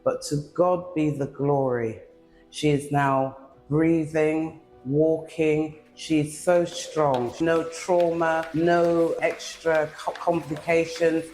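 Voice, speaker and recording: A man speaks very slowly, giving a grateful testimony. His voice rings through a large hall with long reverb. Music plays behind him. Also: a little high, fairly even intonation, a little mellow. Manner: slow and grateful. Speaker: testimony giver.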